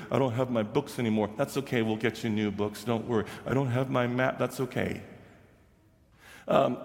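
A man recounts a story from his teaching days in a measured, reflective voice. He slows down deliberately to let points land. The sound carries a long reverb from a large hall. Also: lowish voice. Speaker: former middle school teacher. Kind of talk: storytelling talk to an audience.

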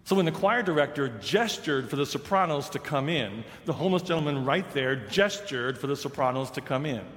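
A man's voice: medium pitch, lively intonation. Man preaching in an echoing sanctuary. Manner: measured storyteller, softening for quoted lines. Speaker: pastor. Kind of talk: sermon storytelling. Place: large church sanctuary. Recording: roomy sanctuary with long reverb.

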